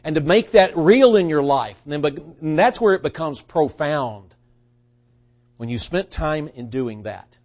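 A man preaching a sermon, swinging from hushed, quiet lines to loud, rising bursts, with halting restarts. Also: fairly high pitch, animated.

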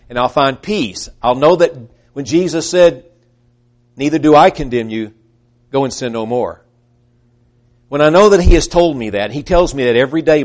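A man with a mid-range voice preaches an earnest sermon, building to emphatic peaks before letting his voice fade quietly. Along the way, he acts out the voices he quotes.

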